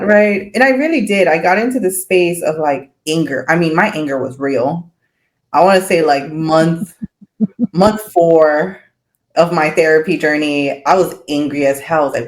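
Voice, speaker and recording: A woman's voice: lowish voice, a little slow. A woman speaking as a podcast guest in casual chat, candid, swearing freely and laughing often.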